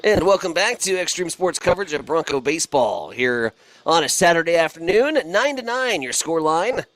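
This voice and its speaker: A man's voice: on the high side, normal speed, no room sound. Man calling baseball play-by-play, dry sound. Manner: relaxed, chatty, jokes with partner. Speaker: play-by-play announcer.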